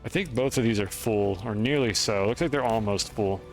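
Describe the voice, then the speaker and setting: A man's voice: lowish voice, normal speed, soft background music. A man streaming a game, chatting through his moves in a rambling, self-deprecating way. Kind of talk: gameplay commentary.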